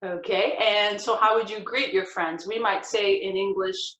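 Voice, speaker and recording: A woman's voice: mid-range voice, steady tone, normal speed, a bit bright. A woman hosting a casual interview about language, upbeat and encouraging as she asks questions. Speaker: interview host. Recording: dull echoey room.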